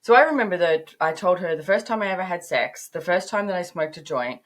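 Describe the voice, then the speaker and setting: Low-voiced woman in her fifties. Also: brisk. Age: 50s. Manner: animated storytelling, rising to emphatic peaks. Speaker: podcast guest, business author. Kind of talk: conversational interview.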